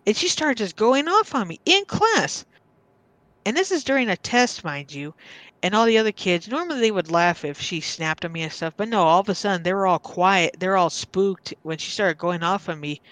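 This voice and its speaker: Halting woman telling a personal story. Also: mid-range voice, animated, fairly bright tone, dry recording. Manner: halting, restarts and repeats words. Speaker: podcast guest. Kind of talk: casual storytelling.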